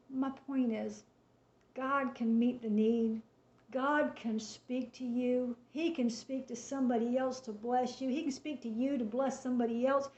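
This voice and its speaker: A woman casually retelling a personal faith testimony, chatty and animated, acting out the dialogue as she goes. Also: sits high. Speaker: storyteller sharing a faith testimony. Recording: echoey room, dull lo-fi sound.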